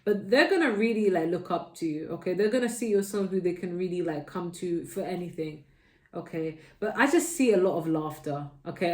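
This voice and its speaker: A woman's voice: mid-range voice, a little mellow, echoey room. A woman from the UK giving a casual tarot reading, chatty and reassuring, often ending phrases with "okay?". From United Kingdom. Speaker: tarot reader.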